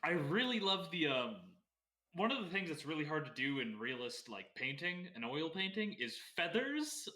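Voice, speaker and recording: A man's voice: fairly high pitch, normal speed, reverberant. A man co-hosting a casual art history chat, reading passages aloud and stumbling over words. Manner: relaxed, laughs easily, stumbles on words.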